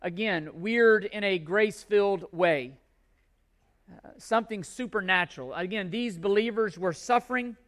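High-voiced man preaching emphatically. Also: normal speed, a bit bright. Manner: emphatic, repeats key words for stress. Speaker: pastor. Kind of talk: sermon.

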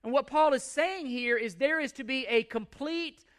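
A man's voice: extremely high pitch, normal speed, fairly bright tone, clean tone. A man preaching a sermon, emphatic, repeating phrases and reading scripture aloud. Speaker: pastor.

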